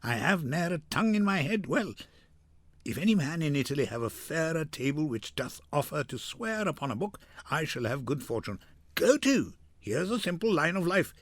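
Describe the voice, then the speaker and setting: A man's voice: fairly high pitch, very animated, moderate pace, no room sound. A man playing a giddy clownish servant lad. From India. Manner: chuckling, sing-song Shakespearean clowning. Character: clownish young male servant, giddy and joking. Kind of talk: dramatic reading.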